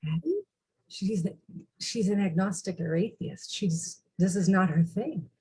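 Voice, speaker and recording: A woman's voice: lowish voice, unhurried, mellow, breathy edge, rough recording. A middle-aged woman speaking as a recovery speaker, telling personal stories in an earnest, candid way. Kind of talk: personal storytelling talk.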